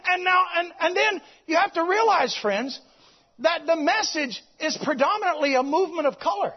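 A man preaching a sermon to his congregation, swinging between loud exclamations and quiet, low passages. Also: normal speed. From United States. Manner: animated preaching, swings between shouting and hushed. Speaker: pastor. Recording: dull lo-fi recording.

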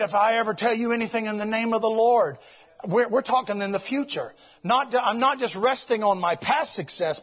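Husky high-voiced american pastor man preaching, kinda dull lo-fi sound. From United States. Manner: animated preaching, swings between shouting and hushed. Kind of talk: sermon. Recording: dull lo-fi recording.

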